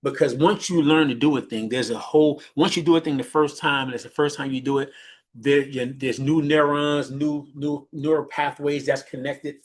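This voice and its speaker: A man giving a motivational teaching talk as a leadership mentor, animated and often restarting his phrases. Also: moderate pace. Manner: animated, restarts phrases often, jumps high when imitating others.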